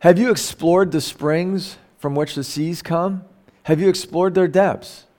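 A middle-aged man delivers a sermon in an easy, conversational way. His voice sits a little high, and he keeps asking the listeners rhetorical questions. He reads scripture aloud and corrects himself as he goes. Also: measured pace, darkish tone. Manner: conversational, asks rhetorical questions, self-corrects while reading. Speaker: pastor. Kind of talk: sermon reading and explaining scripture.

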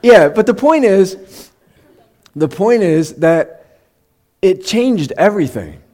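A middle-aged man preaching in a conversational sermon, who slows down to read scripture and at times gets emotional. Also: sits high, big pitch swings, darkish tone, some chatter behind. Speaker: pastor.

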